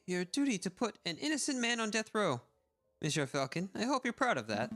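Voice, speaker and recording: A man's voice: high voice, very animated, brisk, fairly bright tone, soft background music, pitched above the performer's own voice. A man voicing a scornful male rival lawyer who talks down with contempt. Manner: contemptuous, lecturing.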